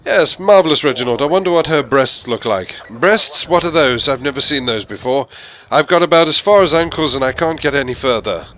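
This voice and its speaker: A man's voice: on the high side, animated, a little fast, bright, forceful tone, voice pushed up. An English man voicing a prim, stuffy upper-class Englishman with a posh accent, talking in a pompous way.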